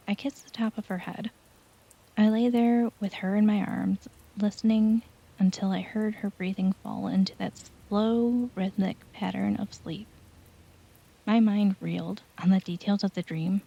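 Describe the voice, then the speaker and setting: A woman calmly narrating an original first-person horror story. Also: medium pitch, normal speed, gravelly. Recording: dull lo-fi home recording.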